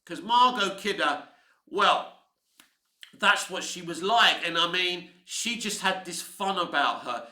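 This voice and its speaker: A man in his fifties rambles enthusiastically through his thoughts on a film. His voice is very bright and a little high for a man. The room around him is noticeably echoey. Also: lively intonation, slow pace. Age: 50s. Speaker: film commentator. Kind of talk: casual film commentary.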